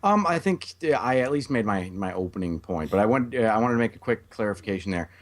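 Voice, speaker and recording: A man's voice: fairly low pitch, expressive, fast talker. A man co-hosting a casual debate conversation, arguing carefully and hesitantly. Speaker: co-host.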